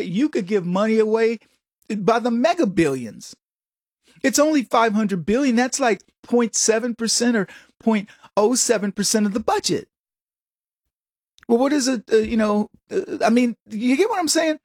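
High-voiced man, dry and emphatic. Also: slightly rough, dry recording. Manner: emphatic and digressive, with sarcastic asides. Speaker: political commentary host. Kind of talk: opinionated monologue with anecdotes.

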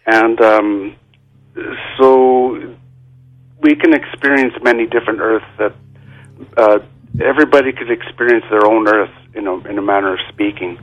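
Halting male radio guest. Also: on the low side, muffled recording. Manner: halting, many ums and restarts. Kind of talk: radio interview answers.

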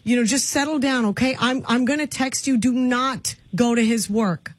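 A woman's voice: on the high side, normal speed, dry recording. A woman hosting a radio talk show, emotional and insistent as she comments. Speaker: radio host.

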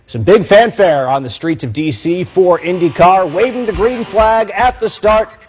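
A man delivering a TV sports news report in a lively, punchy way. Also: high-pitched, normal speed, soft background music. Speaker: sports anchor.

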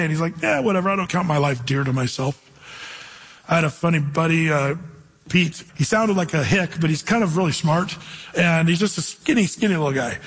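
A man's voice: on the high side, long reverb tail. A man preaching a sermon, teaching from the Bible in a conversational way with stories from his own life. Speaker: pastor.

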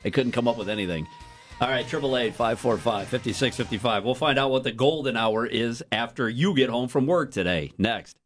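A man's voice: medium pitch, a little fast, soft background music. A man hosting a radio morning show, telling a story in casual banter and acting out the quotes.

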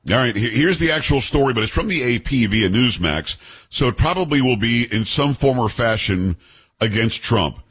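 A male radio host chats in a casual, storytelling way, doing quick impressions of the people in his stories. His voice swings widely in pitch. It has a slightly husky edge. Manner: animated storyteller, mimics voices. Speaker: radio talk show host.

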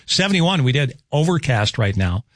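Folksy radio host. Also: male voice, medium pitch, moderate pace, no echo, clean studio sound. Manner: folksy, uses regional sayings, lively intonation. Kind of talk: casual on-air chat and weather read. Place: radio studio.

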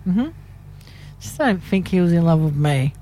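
A woman's voice: fairly low pitch, animated, moderate pace, warm tone, slight background noise. A middle-aged woman, co-hosting a radio show in casual, teasing banter, laughing often and cutting in. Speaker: radio co-host.

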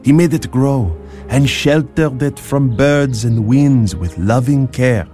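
A man playing a gentle, slow-spoken father. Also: mid-range voice, soft background music, lightly acted. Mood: tender. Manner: slow, tender, reassuring. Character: gentle, loving father of five daughters. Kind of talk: audio drama acting.

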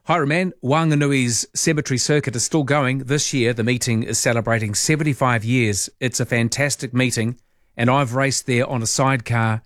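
Wry Italian-accented radio host. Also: male voice, medium pitch, steady tone, moderate pace, a bit bright, dry recording. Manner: dry, wry asides. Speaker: radio talk show host. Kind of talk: late-night talk radio, reading listener texts. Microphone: studio microphone.

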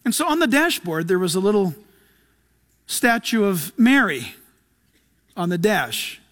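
A man preaching a sermon, swinging between loud urgent appeals and hushed asides, acting out little quotes as he goes. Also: sits high, sing-song, unhurried. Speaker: pastor.

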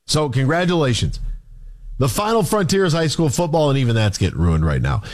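A man's voice: medium pitch, very animated, a little fast. A man hosting a morning sports radio show, ranting in exasperation with a stream of rhetorical questions. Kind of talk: heated sports talk rant.

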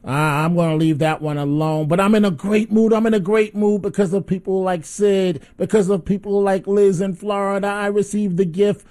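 A man's voice: high-pitched, steady tone, normal speed, hardly any pauses, darkish tone. A man hosting call-in talk radio, upbeat and chatty, combative about politics. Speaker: radio talk show host.

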